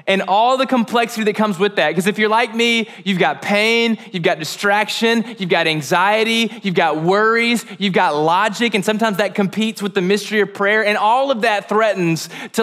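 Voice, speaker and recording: A man's voice: high voice, moderate pace, few pauses, fairly bright tone. A male pastor preaching a sermon in a casual, joking, conversational way, with a lilt. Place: church sanctuary.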